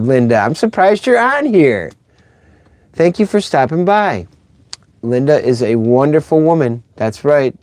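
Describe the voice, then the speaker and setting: A man's voice: mid-range voice, a little mellow, no room sound. A middle-aged man hosting a casual live stream, rambling and chatty as he reads out viewer comments.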